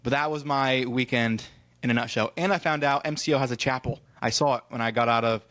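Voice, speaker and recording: A man's voice: mid-range voice, brisk, fairly bright tone. A man from Ohio co-hosting a podcast, telling a rambling travel story in casual chat and acting out the people in it, with a bit of casual swearing. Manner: rambling storyteller who acts out quoted exchanges, swears casually. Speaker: podcast co-host.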